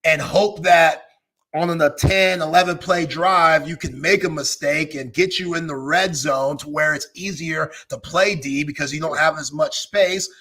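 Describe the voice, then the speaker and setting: A man's voice: on the high side, fairly even intonation, unhurried, pushed and bright. Laid-back sports talk host, man. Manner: laid-back, laughs easily.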